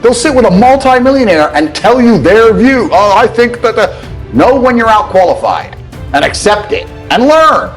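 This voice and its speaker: A man's voice: very high-pitched, sing-song, moderate pace, rough recording. A man from England, delivering a blunt, profane motivational rant that lectures listeners and mocks the way other people talk. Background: faint background music.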